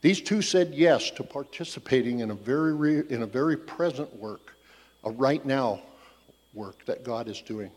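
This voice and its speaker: A man's voice: mid-range voice, lively intonation, normal speed, darkish tone. A man giving a casual, conversational Bible teaching, telling the story loosely and thinking aloud as he goes. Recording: long hall reverb.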